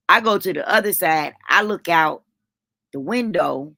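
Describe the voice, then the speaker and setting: Casting: a lowish, bright-voiced woman vlogger, dramatic storyteller with salty language. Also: lively intonation, unhurried, vocal fry, no echo. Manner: dramatic, swears freely, talks to viewers as "honey". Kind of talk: animated storytelling.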